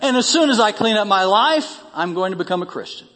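A man's voice: high voice, expressive, fairly quick, fairly bright tone. Give me a man preaching a sermon in a church sanctuary, his voice ringing through the hall. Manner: preaching with rising emphasis on key lines. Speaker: pastor. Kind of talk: sermon reading a story aloud.

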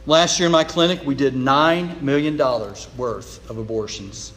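A man's voice: medium pitch, moderate pace, fairly bright tone, a little hiss or hum, natural voice. A male preacher voicing a troubled doctor, a man who earnestly confesses his despair and seeks help. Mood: desperate. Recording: long reverb of a large hall.

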